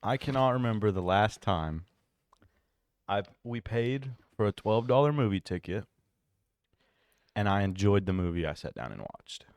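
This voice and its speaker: A man's voice: fairly low pitch, sing-song, normal speed, long pauses, darkish tone, clear, resonant tone, no echo, studio quality. A man co-hosting a podcast, blunt and steering the casual chat back on topic. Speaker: podcast co-host.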